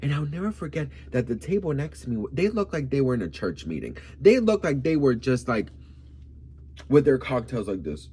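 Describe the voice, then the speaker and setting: A man's voice: mid-range voice, big pitch swings, moderate pace, dark tone, husky. A man of Colombian background from Miami, telling a gossipy story in a sassy, campy vlog style and calling the viewer "girl.". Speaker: vlogger.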